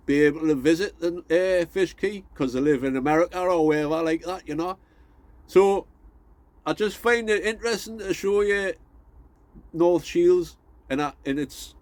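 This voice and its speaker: A man talks casually to his viewers, rambling and hesitating as he thinks aloud. His voice sits a bit high for a man. The recording is dry and close. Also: darkish tone, no room sound. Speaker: gardening channel vlogger. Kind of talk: casual chat to camera.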